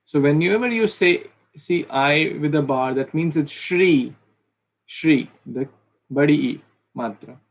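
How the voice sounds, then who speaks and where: A man's voice: on the high side, takes it slowly. A man teaching pronunciation in an online class, patiently repeating sounds to demonstrate them. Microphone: video call.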